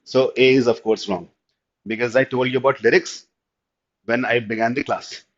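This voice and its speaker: A man with an Indian English accent teaching an online class, explaining step by step and often asking whether it is clear. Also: mid-range voice, steady tone, moderate pace. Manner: explanatory, checks understanding with repeated "clear?", mixes in Hindi. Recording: slightly dull lo-fi audio.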